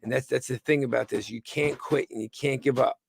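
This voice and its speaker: Tired, halting male live-stream host. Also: mid-range voice, steady tone, vocal fry, slightly rough, no echo. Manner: halting, with many restarts and stumbles. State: tired and under the weather. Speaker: host of a livestreamed news show. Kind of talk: rambling live-stream chat.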